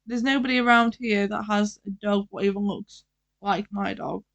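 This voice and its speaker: A person, co-hosting a casual podcast, chatty and quick to chime in with corrections. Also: medium pitch, steady tone, gravelly, a bit bright, dry recording. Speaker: podcast co-host. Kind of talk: casual storytelling chat.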